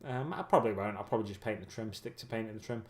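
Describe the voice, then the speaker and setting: A man with a voice on the low side runs a relaxed hobby livestream, talking as he builds miniatures. His rambling, musing chatter has many pauses and self-corrections, and he sounds a bit worn out.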